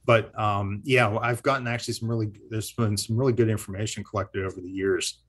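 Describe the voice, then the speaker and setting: Husky-voiced historian spinning a ghost story. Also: male voice, fairly low pitch, steady tone, fairly quick, fairly bright tone. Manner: rambling, self-correcting, chuckles often. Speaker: historian and teacher. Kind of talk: casual interview storytelling.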